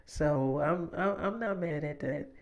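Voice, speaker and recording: A man's voice: a little high, a little slow, vocal fry. A man voicing his girlfriend as a frank, foul-mouthed young woman in casual storytime narration, close to his own voice. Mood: reassuring. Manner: frank, profane, dismissive.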